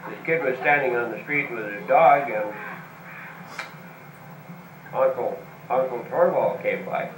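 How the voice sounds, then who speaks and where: A man telling jokes to his family in a slow, halting way full of uh's and repeats, caught on a home video. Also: medium pitch, fairly bright tone, far from the mic, a little hiss or hum. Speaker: family joke teller. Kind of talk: casual joke telling. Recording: roomy home video from afar.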